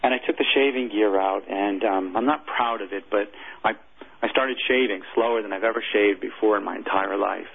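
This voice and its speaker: A former military chaplain, a man, telling a personal story in an interview, earnest and halting. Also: on the low side, gravelly, breathy edge. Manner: earnest, halting, emotional recounting. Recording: tinny phone-like audio.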